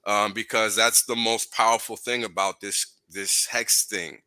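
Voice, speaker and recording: A man's voice: fairly low pitch, steady tone, measured pace, bright, forceful tone, smooth, no echo. A man talking in an earnest, grateful, laid-back way as a guest in a livestream chat over a computer mic.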